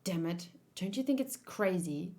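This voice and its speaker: A woman's voice: fairly low pitch, animated, unhurried. A woman reading an angry idealistic young soldier. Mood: indignant. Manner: forceful, indignant. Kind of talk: manga read-along.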